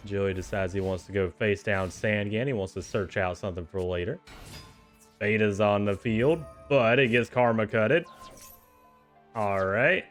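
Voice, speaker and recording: A man giving casual, excitable play-by-play commentary on a card game tournament, chuckling often and cheering the players on. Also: on the low side, unhurried, faint music behind.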